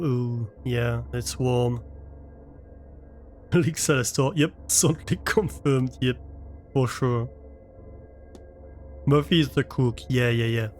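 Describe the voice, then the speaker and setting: Slow-talking male streamer, thinking aloud. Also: mid-range voice. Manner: thinking aloud, unhurried, chatting with viewers. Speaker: live streamer. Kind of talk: casual chat while playing a game. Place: his own room at home.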